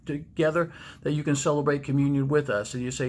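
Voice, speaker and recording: A man's voice: a little high, fairly even intonation, fast. A man, a pastor, giving a devotional video message to camera in a storytelling manner and repeating key lines for emphasis. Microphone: speaking to camera.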